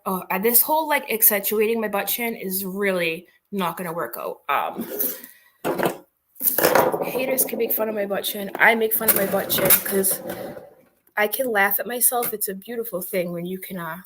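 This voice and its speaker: A woman's voice: mid-range voice, fairly bright tone, slight background noise. A woman hosting a casual livestream, chatty and rambling, with lots of "like" and greetings to viewers. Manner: chatty, rambling, giggly, heavy on "like". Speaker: livestream host.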